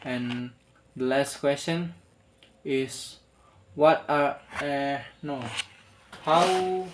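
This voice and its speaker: Young male student, very slow, halting delivery, spoken homework. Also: a little high, a little hiss or hum. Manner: halting, many restarts and fillers. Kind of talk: spoken assignment answer.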